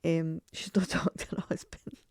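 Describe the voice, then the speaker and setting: Telling stories on her casual solo podcast, a middle-aged woman laughs often and performs the voices of the people she quotes. Her voice sits low and a little mellow, with a flat delivery at normal speed. The recording is dry and studio quality.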